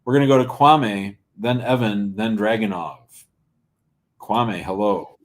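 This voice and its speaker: A man's voice: on the low side, a little slow. A middle-aged man hosting a live call-in show as an immigration lawyer, blunt and joking as he reads out viewer comments. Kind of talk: casual live-stream chat.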